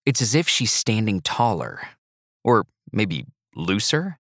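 A man narrating an audiobook in the first person, with a measured, even storytelling delivery. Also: lowish voice, no room sound, studio quality.

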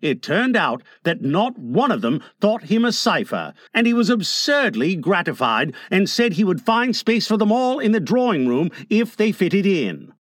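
A man narrating an audiobook in an expressive, playful storytelling manner. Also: high voice, moderate pace, hardly any pauses, dry recording, clean studio sound.

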